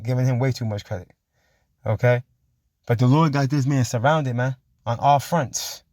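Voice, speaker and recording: A man preaching emphatically, reading scripture slowly and forcefully and checking in with his listeners again and again. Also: medium pitch, dry recording, studio quality. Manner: emphatic, keeps asking "you see?" and saying "man". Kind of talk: street-style sermon with scripture reading.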